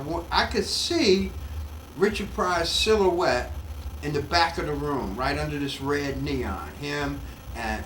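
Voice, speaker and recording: An older male comedian telling an animated story in an interview at home, acting out the voices, recorded off-mic in an echoey room. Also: a little high, recorded from a distance, a little hiss or hum. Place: his home.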